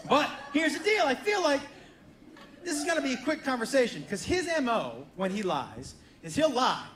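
A man's voice: very high-pitched, big pitch swings, normal speed, a crowd in the background. A man performing a stand-up routine, telling a story and acting out the dialogue between himself and his son. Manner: storytelling, acts out both sides of the dialogue. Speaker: stand-up comedian. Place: comedy club stage. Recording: roomy stage recording with audience and noise. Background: audience laughter.

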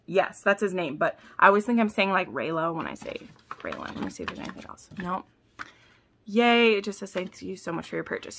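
Gushing young woman vlogger, bright voice. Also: lowish voice, gravelly, slight background noise. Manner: gushing, excitable, with gasps and sudden squeals; drops to soft whispers between bursts. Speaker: book vlogger. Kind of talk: casual vlog unboxing.

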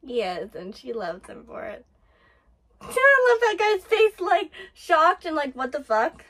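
A woman hosting an anime reaction, gushing and excitable as she comments live and swears freely. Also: extremely high pitch, slow pace.

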